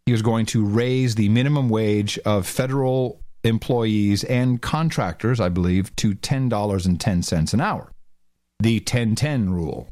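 A man's voice: darkish tone, no echo, clean studio sound. A man hosting a talk show, mocking played clips with sarcastic commentary. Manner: mocking, sarcastic, mimics voices with pitch jumps.

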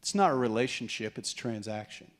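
A middle-aged man preaches a sermon from the pulpit, at a middle pitch. He tells stories with a light, joking touch and acts out the voices of the people in them. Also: brisk. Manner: animated storytelling, acts out quoted voices with humor. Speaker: pastor.

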